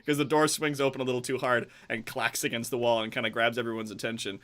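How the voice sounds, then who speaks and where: A man's voice: mid-range voice, level tone, fast talker, a crowd in the background. A man narrating a tabletop game as game master, casual and loose, with many fillers and some swearing.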